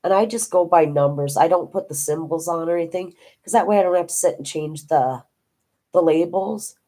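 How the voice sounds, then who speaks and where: Older lady with a real low voice, just rambling away about her crafts and her family, homey and chatty. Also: brisk, warm tone. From Minnesota. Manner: rambling, homey storytelling with many restarts. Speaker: diamond painting vlogger. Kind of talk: casual chat to viewers.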